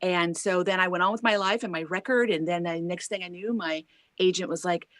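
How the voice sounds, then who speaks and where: A woman singer telling an animated story as an interview guest, acting out quoted voices and tagging lines with "right?". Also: on the low side, fairly quick, no echo. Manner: lively storyteller who acts out quoted voices and laughs often; chatty, many "like" and "right?" tags.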